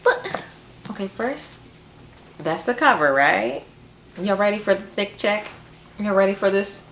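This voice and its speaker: A woman's voice: medium pitch, expressive, a little slow, fairly bright tone, a little hiss or hum. A woman hosting a book vlog, chatting casually to camera with playful, exasperated humor and frequent laughter. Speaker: book vlogger host.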